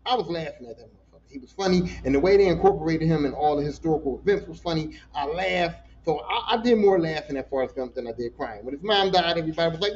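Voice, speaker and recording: A man hosting a casual solo podcast, ranting in an animated, profane way and talking back to his listeners. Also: a little high, fast, few pauses, dull audio. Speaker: podcast host.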